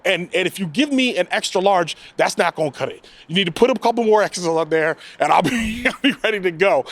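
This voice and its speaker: A man hosting his own podcast, giving a casual, chatty movie review with loud bursts and exasperated asides. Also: sits high. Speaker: podcast host, film reviewer.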